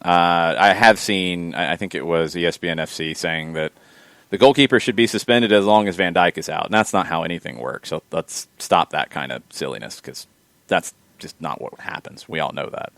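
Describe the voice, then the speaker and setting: A man's voice: low-pitched, creaky, fairly bright tone, no room sound. A man co-hosting a sports podcast, chatting casually and giving rambling, opinionated takes. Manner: rambling, opinionated, quick asides. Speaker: podcast co-host.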